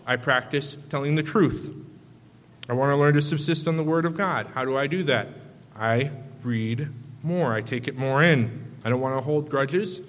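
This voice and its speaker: A man preaching a sermon in a loose, off-the-cuff way that leans on rhetorical questions. His voice sits in an ordinary middle pitch. A long reverb trails behind him, as in a large hall. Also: normal speed, a bit bright. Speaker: pastor.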